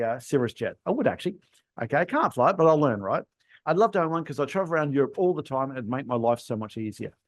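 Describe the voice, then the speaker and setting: A man hosting a solo podcast on sales, talking in an emphatic, animated way and playing with his tone of voice. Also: mid-range voice. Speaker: podcast host and sales trainer.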